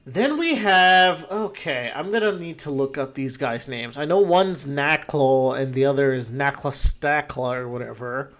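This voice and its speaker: A man's voice: medium pitch, expressive, unhurried, hardly any pauses, a bit bright. A man in casual, rambling commentary, ranking a full list of creatures with frequent swearing and fillers. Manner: laid-back, profane, rambling with fillers. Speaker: podcast host ranking game creatures.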